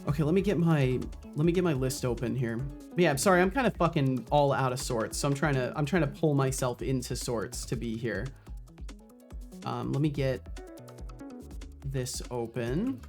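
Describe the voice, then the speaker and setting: A man's voice: medium pitch, moderate pace, darkish tone. A male streamer chatting casually with his viewers while he works on his game. He rambles in loose, half-finished sentences, restarting often and swearing freely. Faint music plays behind him. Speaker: streamer and solo game developer. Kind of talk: casual live-stream chat.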